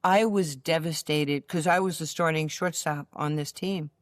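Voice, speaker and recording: A woman, a guest telling lively stories from her childhood in a casual chat, full of fillers and restarts. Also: low-pitched, moderate pace, dry recording. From New York. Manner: animated storyteller with many fillers and restarts. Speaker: interview guest.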